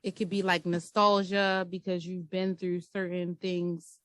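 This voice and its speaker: A woman hosting a casual interview, reflective and halting, with repeated starts to her sentences. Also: lowish voice, little pitch movement, no room sound. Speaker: interview host.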